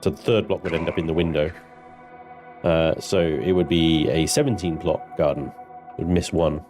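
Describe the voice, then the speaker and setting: A man's voice: very deep voice, fairly even intonation, normal speed, darkish tone, soft background music. A man streaming a space game live, chatting loosely with his viewers and swearing now and then. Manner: chatty, swearing, banters with chat. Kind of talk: live gameplay commentary.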